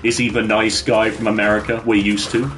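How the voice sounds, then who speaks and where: A man's voice: lowish voice, little pitch movement, fairly quick, a bit bright, slight background noise. A man chatting casually with his viewers while streaming a game from his bedroom, laughing often and bantering with the chat.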